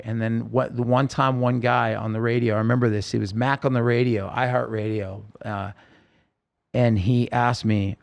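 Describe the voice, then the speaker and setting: A man telling his own story in a podcast interview, earnest and halting, with many restarts. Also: mid-range voice, fairly even intonation, vocal fry.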